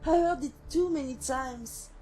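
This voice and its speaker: A woman voicing a haunted female synth who was once a killer, telling her past in slow, brooding monologue. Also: high-pitched, warm tone, slight background noise. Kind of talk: game companion monologue. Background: faint music.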